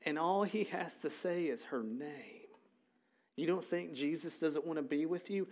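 Male pastor, sermon, loose conversational delivery with lots of fillers, slightly high voice. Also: normal speed. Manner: conversational, animated storytelling with frequent fillers.

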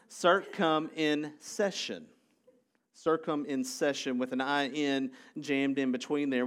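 A man preaching with a fairly high voice, explaining ideas step by step. He keeps the tone conversational and breaks in with joking asides to the congregation. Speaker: pastor. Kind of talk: sermon.

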